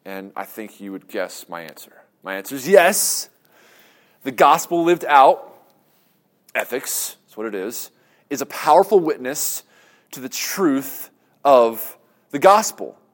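A man's voice: medium pitch, big pitch swings, unhurried, long pauses. A man giving a talk on faith and ethics, earnest and conversational, asking rhetorical questions and restarting his phrases. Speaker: speaker on Christian apologetics. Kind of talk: lecture with audience Q and A.

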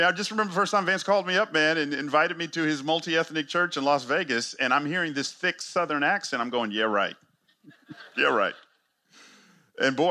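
A man preaches to church planters, pressing his points emphatically and asking rhetorical question after rhetorical question. His pitch and loudness swing widely.

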